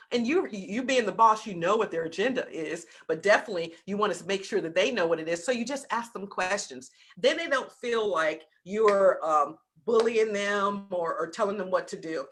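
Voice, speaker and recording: A woman with a Southern US accent giving an animated business talk over a video call, acting out little scenes in other voices. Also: mid-range voice, moderate pace, hardly any pauses. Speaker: business coach.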